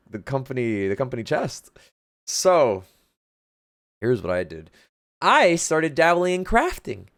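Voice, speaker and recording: Lively rambling man telling a story. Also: on the low side. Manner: rambling, lively, stumbles and restarts. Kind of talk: casual storytelling chat.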